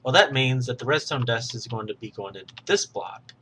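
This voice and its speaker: Bright-voiced man explaining a game tutorial. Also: mid-range voice, expressive, brisk, slight background noise. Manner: patient, explanatory, self-correcting. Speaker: tutorial host. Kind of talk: screen-recorded game tutorial narration.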